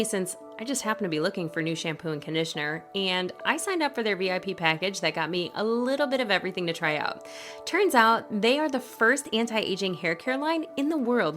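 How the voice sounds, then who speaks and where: A woman's voice: mid-range voice, fairly bright tone. A woman hosting a podcast interview, friendly and upbeat, chatting and reading her own sponsor spot. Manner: friendly, upbeat, quick affirmations. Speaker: podcast host. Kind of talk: casual interview chat.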